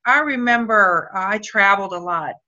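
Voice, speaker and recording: Bright-voiced woman telling a story on a video call. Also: medium pitch, normal speed. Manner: emotional, about to cry, animated retelling. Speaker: company leader speaking on a video call. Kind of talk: emotional storytelling. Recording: dull lo-fi video call audio.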